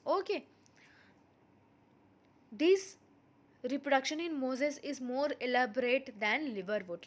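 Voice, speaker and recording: Quick, high-voiced Indian woman teaching biology. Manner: mixes Hindi and English, repeats key terms. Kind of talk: online lecture.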